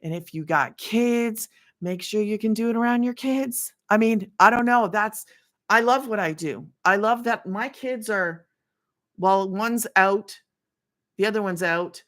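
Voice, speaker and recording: A woman's voice: medium pitch, unhurried, a bit bright. A middle-aged woman hosting a casual livestream from her home, talking in a chatty, emphatic way and often repeating herself for emphasis. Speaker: livestream host. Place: home, children in nearby room.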